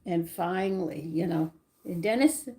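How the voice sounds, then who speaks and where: An older woman telling family stories from her childhood in a rambling, animated way, often stopping to correct herself. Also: on the low side, unhurried. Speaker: channel host. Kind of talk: personal storytelling.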